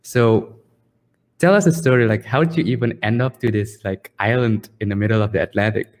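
Male co-host, lowish voice, reverberant room, loose questions. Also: fairly quick, a little mellow. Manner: curious, asks questions with lots of fillers. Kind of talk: casual conversation.

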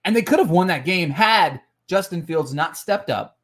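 A man's voice: high voice, lively intonation, moderate pace, fairly bright tone. A man hosting a casual sports podcast, heated and frustrated, often repeating words and restarting his sentences. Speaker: podcast host.

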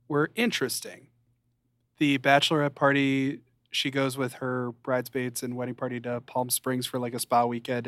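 Guy cohost recapping tv, lively, does squeaky voices for quotes, dry close mic. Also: no room sound. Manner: animated, acts out quotes in a high voice. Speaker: podcast co-host. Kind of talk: casual chat recapping a show.

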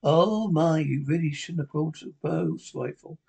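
A man voicing a cold, gloating male villain in a story retelling, with a quiet, smug delivery. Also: a little high, a little slow, vocal fry, slightly rough, heavily acted.

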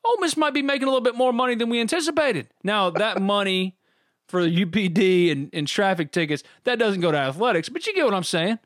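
A middle-aged man with a drawl, co-hosting a casual sports talk show. His voice sits a little high, and he tells animated stories and laughs often. The recording is close and dry, with no room sound. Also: quick pace, no room sound. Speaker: podcast co-host.

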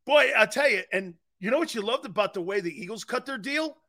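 A man's voice: high-pitched, expressive, moderate pace, bright, forceful tone. A man hosting a sports radio show, talking in a rambling, jokey monologue, laughing often and slipping into silly voices. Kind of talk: animated sports talk monologue.

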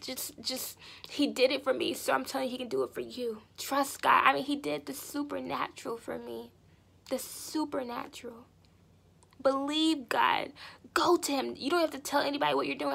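A woman giving a fervent spoken testimony to God, pleading and intense, dropping to breathy whispers and then rising loud. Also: high voice.

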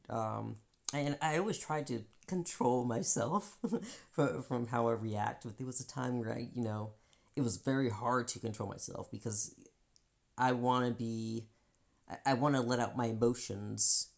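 A woman co-hosting a podcast, talking candidly about feelings in an animated way, often acting out voices and laughing. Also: extremely low pitch, gravelly. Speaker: podcast co-host. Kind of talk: candid personal chat.

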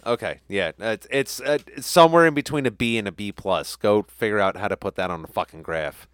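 A man's voice: on the low side, a little fast, smooth, no echo, studio quality. A man co-hosting a casual podcast, joking around with crude, playful banter. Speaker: podcast co-host. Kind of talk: casual chat.

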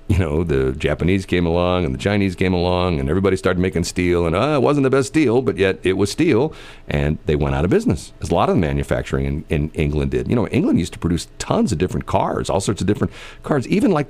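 A man's voice: deep voice, a little mellow. A middle-aged man from the American Midwest chatting casually, rambling through stories with many fillers and restarts.

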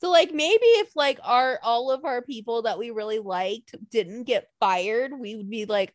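Young woman co-host, high and lively, swearing rant, dry close sound. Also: measured pace, few pauses, no room sound. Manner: animated, profane ranting with mocking quotes. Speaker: podcast co-host. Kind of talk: casual chat.

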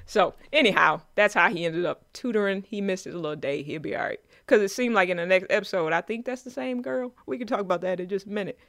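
A man co-hosting a podcast in casual chat, joking in slang and slipping into quick quoted voices. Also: high-pitched, creaky, bright, forceful tone, no echo, studio quality. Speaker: podcast co-host. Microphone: remote call.

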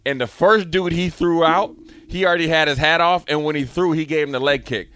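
Male radio host, relaxed slangy storyteller, smooth voice, dry studio sound. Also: on the high side, fairly quick, no room sound. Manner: laid-back storytelling, slangy. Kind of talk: casual sports radio chat.

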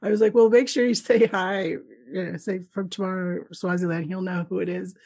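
A middle-aged woman from Canada, a guest telling travel stories in a casual interview, lively and laughing often as she acts out the people she met. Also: on the low side, a little fast, breathy edge.

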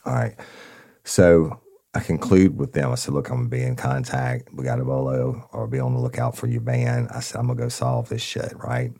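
A man's voice: extremely low pitch, animated, moderate pace, vocal fry, dark tone. A man telling an old police case to listeners, blunt and profane, acting out both sides of the conversations. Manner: blunt, profane, addresses listeners as y'all, acts out dialogue. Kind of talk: casual storytelling to an audience.

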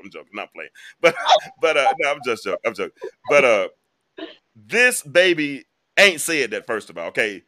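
A man's voice: medium pitch, sing-song, normal speed, pushed and bright. A man hosting a live online talk show, giving casual, emphatic commentary and speaking straight to his viewers. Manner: chatty, emphatic, addresses viewers directly.

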